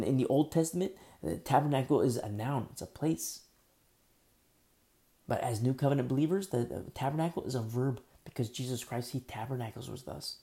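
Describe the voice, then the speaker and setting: A man preaching a sermon, emphatic and repetitive, who drops to near-whispers and then rises loud again. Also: medium pitch, gravelly.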